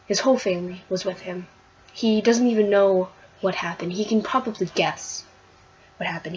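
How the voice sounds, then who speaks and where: A woman's voice: on the low side, highs cut off, slight background noise. A woman recapping a comic book issue in a casual vlog, rambling and gushing with lots of fillers and restarts.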